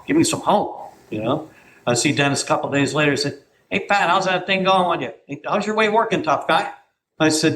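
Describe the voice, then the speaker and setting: A man's voice: medium pitch, fairly bright tone, a little hiss or hum, low-quality recording. A middle-aged man sharing his recovery story at a meeting, telling it as a tale and acting out what others said. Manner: storytelling, acts out quotes of others. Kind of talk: personal testimony talk.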